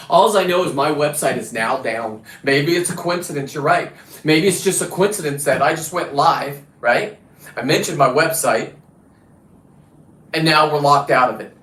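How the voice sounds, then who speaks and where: A middle-aged Californian man, a diver and fisherman livestreaming, rants bluntly and with plenty of profanity through a rambling monologue. His voice is a little high with a fairly bright tone, and the recording carries a roomy echo.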